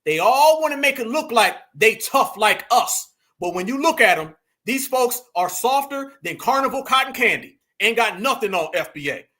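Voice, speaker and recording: A man hosting a heated reaction commentary, mocking, slangy and often breaking into shouts. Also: extremely high pitch, very animated, normal speed, few pauses. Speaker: commentary host reacting to clips.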